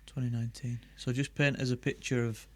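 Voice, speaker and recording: A man hosting a podcast who interviews his guest in a friendly, encouraging way and backs him up with quick affirmations. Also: mid-range voice, little pitch movement, slight background noise. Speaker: podcast host.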